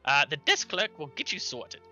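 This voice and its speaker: A man voicing a fussy small gnome messenger with a high squeaky voice and a hurried, officious manner. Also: big pitch swings, bright, forceful tone, highs cut off, soft background music, exaggerated voice.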